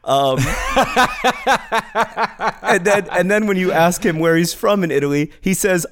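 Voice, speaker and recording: A man's voice: sits high, measured pace, long pauses. A man co-hosting a casual podcast chat, speaking with a dry, wry sense of humor and laughing often. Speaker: podcast co-host.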